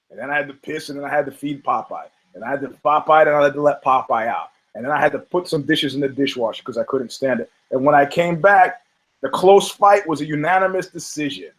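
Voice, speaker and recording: A man's voice: on the high side, rough recording. A man hosting a podcast, riffing on fight results in a rambling, profane, joking manner. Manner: rambling, profane, self-mocking jokes. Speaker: podcast host. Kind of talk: casual comedic commentary on combat sports.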